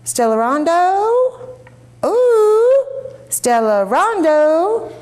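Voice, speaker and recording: A stiff, indignant older mother scolds and calls out in a high, shrill voice, stretching her words as she goes, played by a woman reading a short story aloud. Her tone stays proper and offended throughout. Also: sing-song, moderate pace, a little mellow, natural voice. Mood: calling shrilly.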